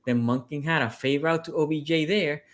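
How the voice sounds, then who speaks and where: A man's voice: on the high side, moderate pace. A man on a sports podcast debating his team's game, stressing points by repeating them. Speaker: sports podcast panelist, team fan.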